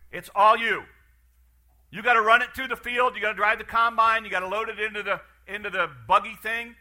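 Male preacher, high voice, very bright tone, animated sermon, repeats himself as he builds. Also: fairly quick. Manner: animated, repetitive restarts, acts out farm scenes.

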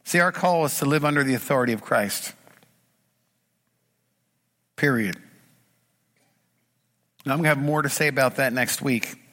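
A man's voice: medium pitch, moderate pace, long pauses, a bit bright, big-room sound. A middle-aged man preaching a sermon as pastor, earnest and emphatic, building his points through repeated phrases. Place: church sanctuary.

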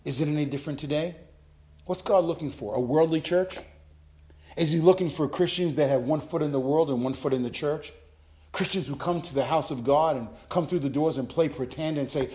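Older pastor guy preaching hard, slightly high voice, gets loud and climbs up high. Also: a little fast. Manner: impassioned preaching, swings from low asides to loud high calls. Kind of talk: sermon.

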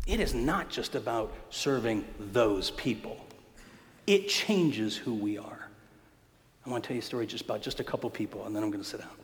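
A man's voice: medium pitch, very animated, normal speed. A male pastor telling stories from the pulpit, with a conversational tone and punchy, funny emphasis. His voice sits mid-range for a man. A long hall reverb trails each phrase, as it would in a church. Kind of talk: storytelling sermon.

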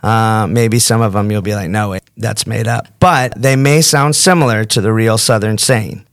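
A man's voice: medium pitch, clean tone, no echo, studio quality. A man from the northern United States hosting a podcast, joking with puns and running a quiz game. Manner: jokey, punning, upbeat. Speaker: podcast host. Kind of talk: playful interview and quiz game.

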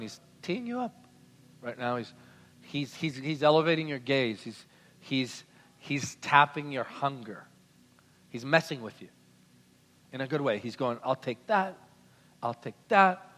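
A man preaching a sermon, swinging between loud declarations and soft, intimate murmuring. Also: medium pitch, normal speed, pauses often. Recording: hall reverb.

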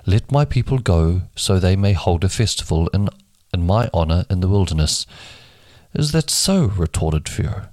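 A man with a low, somewhat dark voice reads scripture at a normal pace for a daily Bible podcast, giving each speaker in the dialogue a distinct voice. The recording is dry, made on a home microphone that keeps cutting out.

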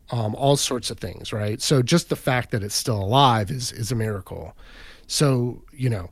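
A man's voice: medium pitch, no echo. A man casually retelling a story on a podcast, rambling, with lots of "like" and "right?" fillers. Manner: rambling, filler-heavy, says "right?" and "like" often.

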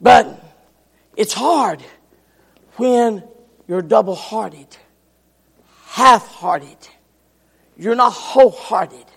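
An older man preaching a sermon, swinging from shouts to hushed near whispers. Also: sits high, drawn-out words, vocal fry, pauses often, husky. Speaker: pastor. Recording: long hall reverb.

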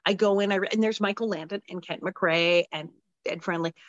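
A middle-aged woman, a former child actress, telling lively anecdotes as an interview guest and acting out the voices she quotes. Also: on the low side, a little fast, no room sound. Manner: animated, acts out quoted voices. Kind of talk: anecdotal storytelling. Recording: dull lo-fi sound.

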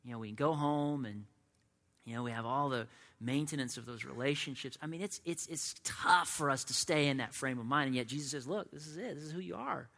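A man's voice: medium pitch, brisk, pushed and bright, long reverb tail. A man preaching a conversational sermon as a pastor, often slipping into imagined voices of his listeners. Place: church sanctuary.

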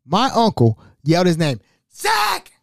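A man's voice: mid-range voice, animated, moderate pace, darkish tone, no echo, studio quality. A young man hosting a podcast, casually telling family stories with laughs and imitations of relatives. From Ohio. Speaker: podcast host. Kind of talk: casual storytelling monologue.

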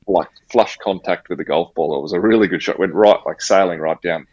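An Australian man with an extremely deep voice tells a personal story at a quick clip. He talks casually and animatedly, slipping in slang and acting out bits of dialogue. The audio is dry and a little dull. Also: darkish tone, husky, no room sound.

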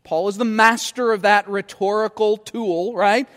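High-voiced man preaching in a reverberant hall. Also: steady tone, a little slow, a bit bright. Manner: earnest teaching tone with frequent repeated words. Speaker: pastor. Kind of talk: sermon.

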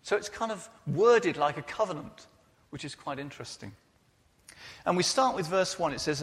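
A man's voice: fairly high pitch, animated, normal speed, fairly bright tone. A man preaching a sermon in a church, earnest and personal in his delivery. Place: church hall. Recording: reverberant church hall.

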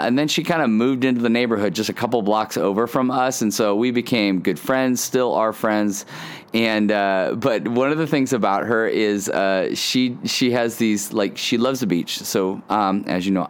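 Laid-back guy with a lowish voice doing his devotional podcast, chatty, lots of uh and um. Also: clean tone. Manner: relaxed, conversational, frequent fillers and restarts. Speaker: podcast host.

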